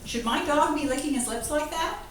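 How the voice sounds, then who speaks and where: Animated high-voiced woman teaching kids. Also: brisk, a crowd in the background. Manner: animated, playful, asks children questions. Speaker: veterinarian giving a school talk. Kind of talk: lively classroom talk to children. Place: classroom. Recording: echoey room from far off, faint noise.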